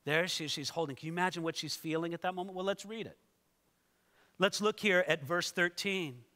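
A male pastor preaching a sermon in a lively way, speaking directly to his listeners. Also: high-pitched, brisk, in a large hall. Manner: animated, talks straight to listeners. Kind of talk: expository sermon.

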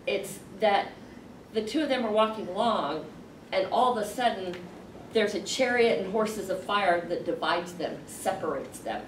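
A woman leading a Sunday school lesson, explaining a Bible passage in a conversational way with pauses and fillers. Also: mid-range voice. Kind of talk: Bible class teaching. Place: classroom with a group. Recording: roomy, distant mic, faint noise.

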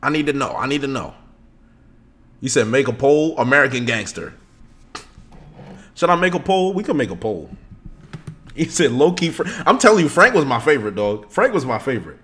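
A man streaming live, chatting casually with his viewers in an excitable, slangy way. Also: medium pitch, normal speed, long pauses.

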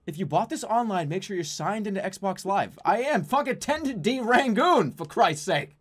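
A man's voice: high-pitched, normal speed, husky. Exasperated swearing male streamer. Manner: exasperated, swearing, animated storytelling. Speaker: game streamer. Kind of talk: ranting live stream chat.

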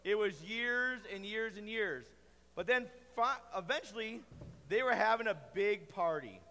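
Brief: high-pitched male kids' church teacher, playful storyteller, echoey hall sound. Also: a little slow. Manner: playful, animated, asks the kids questions. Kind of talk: kids' Bible lesson.

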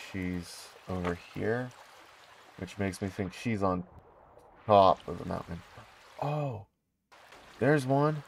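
A man talking through his gameplay in a casual, chatty way, his pitch swinging up and down as he goes. He gets excitable quickly. A faint hiss of noise sits under the recording. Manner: excitable, bursts into high squeals of delight. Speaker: gaming YouTuber.

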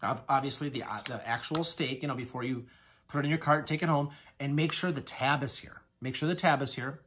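Talk like a guy showing off a haul, overwhelmed and grateful, halting and starting over, everyday middle voice. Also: medium pitch, a bit bright. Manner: effusive, gushing thanks with halting restarts. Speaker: haul vlogger. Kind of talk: casual haul video chat.

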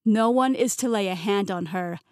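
An easygoing, mischievous young king who can snap into a loud, commanding tone, as a woman narrator puts him on. He is heard in an audiobook with a dry, close studio sound and a mid-range pitch. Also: normal speed, no echo, lightly acted. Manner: easygoing, turns stern and loud when giving orders. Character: young male interim king, playful but commanding. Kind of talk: audiobook character voice. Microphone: close studio mic, dry.

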